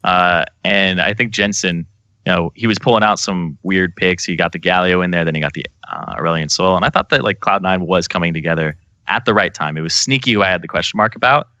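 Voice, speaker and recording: A male esports analyst on a panel, giving quick, opinionated takes in casual talk. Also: deep voice, pushed and bright, no room sound, dull audio.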